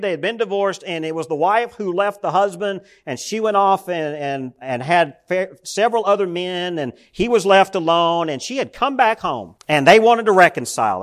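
A male pastor with a high-pitched voice preaches a sermon, moving between scripture and personal stories. He calls out to his congregation with questions. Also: fairly bright tone.

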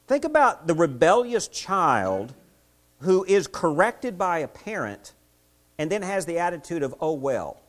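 A man's voice: sits high, a bit bright. A middle-aged man preaching a midweek church sermon in a conversational way, often asking the congregation rhetorical questions. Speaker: pastor. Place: church service.

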